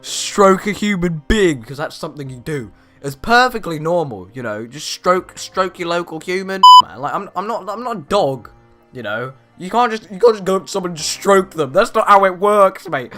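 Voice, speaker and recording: A man's voice: high voice, moderate pace, soft background music. A teenage boy vlogging, telling rambling stories with lots of fillers. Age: teens. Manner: rambling, animated, lots of "you know" fillers. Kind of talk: casual storytelling vlog.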